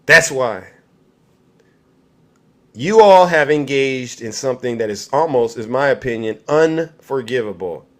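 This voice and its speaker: A man's voice: mid-range voice, expressive, a little slow, long pauses. A man hosting a livestream, giving heated political commentary and answering his chat directly in an angry tone. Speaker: livestream host.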